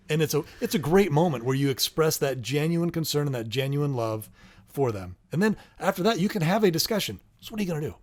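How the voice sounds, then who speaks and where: A man's voice: a little high, expressive, fairly quick. A middle-aged man co-hosting a casual parenting talk, explaining steps one by one and acting out sample phrases. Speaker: co-host, parent.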